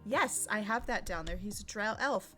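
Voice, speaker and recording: A woman's voice: medium pitch, expressive, normal speed, bright, forceful tone, faint music behind. A woman co-hosting a podcast, recapping a game session in casual chat; she laughs easily and stumbles over words. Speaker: podcast co-host.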